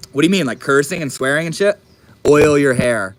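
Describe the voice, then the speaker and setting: A young man casually chatting on a live stream, reading and answering chat messages in a relaxed, profane drawl. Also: fairly high pitch, brisk, a little hiss or hum. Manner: laid-back, swears often, drawls.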